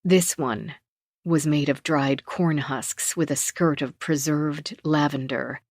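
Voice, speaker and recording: Measured woman narrating a thriller audiobook. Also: low-pitched, darkish tone, no echo, clean studio sound. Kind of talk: first-person thriller narration. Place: dry recording booth. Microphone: close studio mic.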